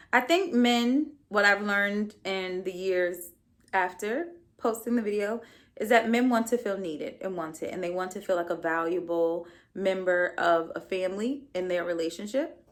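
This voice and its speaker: A woman's voice: medium pitch, pushed and bright. A young adult woman hosting her own podcast, giving a casual solo recap in a sassy, blunt and profane way with playful asides. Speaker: podcast host.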